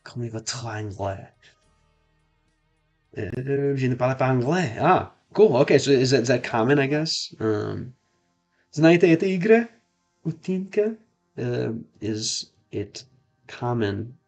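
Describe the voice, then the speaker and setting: Slow gravelly man. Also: medium pitch, animated, darkish tone, soft background music. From United States. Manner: halting, repeats and tries out phrases. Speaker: streamer learning French. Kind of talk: casual gameplay chat.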